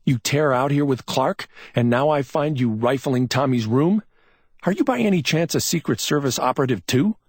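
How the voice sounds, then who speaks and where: A man's voice: mid-range voice, animated, normal speed, no room sound, clean studio sound, pitched above the performer's own voice, close to an everyday voice. A man voicing a male investigator in an audiobook crime story, pressing with patient but insistent questions. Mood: probing. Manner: probing, gently insistent questions. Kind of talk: audiobook character voice.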